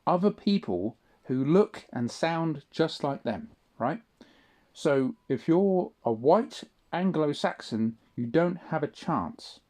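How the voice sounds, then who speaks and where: A man's voice: fairly high pitch, warm tone. A young man delivering an indignant, sweary solo audio-log monologue, tagging his points with questions. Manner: indignant ranting, frequent tag questions and swearing. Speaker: vlogger.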